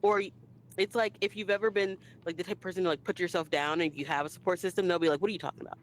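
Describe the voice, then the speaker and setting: A woman co-hosting a casual podcast, talking in a lively way and acting out quoted remarks. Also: lowish voice, quick pace, a little hiss or hum, low-quality recording. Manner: lively, acts out quoted lines. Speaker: podcast co-host. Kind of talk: casual chat.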